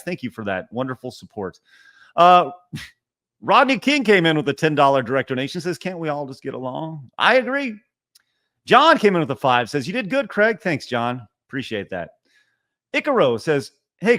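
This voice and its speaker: Man streaming, lively swooping voice, bright and forceful, mock-refusing donations, reading chat aloud. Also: fairly high pitch. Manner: mock-protesting, animated, reads donor messages aloud. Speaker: streamer reading super chats. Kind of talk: casual livestream chat.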